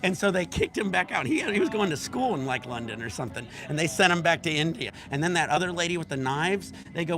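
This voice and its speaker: A man's voice: fairly high pitch, animated, fast, hardly any pauses. A man hosting a casual livestream, telling rambling, profane stories at a resort bar. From United States. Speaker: livestream host.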